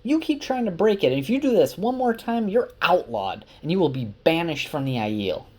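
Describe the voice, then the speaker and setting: A man voicing a stern old tribal wise woman in high, shrill, commanding shouts while summarizing a book. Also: sing-song, moderate pace. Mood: scolding. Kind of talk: amateur book summary voice acting.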